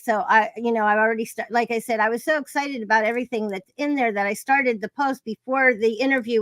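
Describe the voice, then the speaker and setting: A woman's voice: fairly high pitch, fairly bright tone, no echo. A woman hosting a live-streamed interview, chatty and effusive, with many fillers and restarts. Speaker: podcast host.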